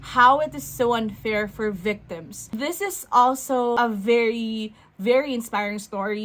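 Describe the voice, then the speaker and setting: A woman's voice: fairly high pitch, measured pace, hardly any pauses, fairly bright tone. A young woman reviewing books in a casual vlog, effusive and emphatic, repeating words for stress. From Philippines. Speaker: book vlogger.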